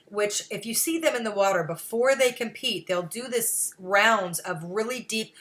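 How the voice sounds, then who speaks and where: A woman on a show as a guest, teaching a breathing practice and slowly counting out the breaths in a soft voice. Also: mid-range voice. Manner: slow, soft counting with long pauses. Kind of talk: guided breathing instruction.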